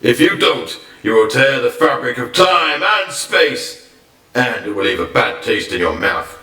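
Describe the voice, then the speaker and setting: A man's voice: mid-range voice, big pitch swings, unhurried, sharp tone. A man voicing a pushy future version of himself from another timeline, recorded from a distance in an echoey room with faint music behind. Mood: scheming.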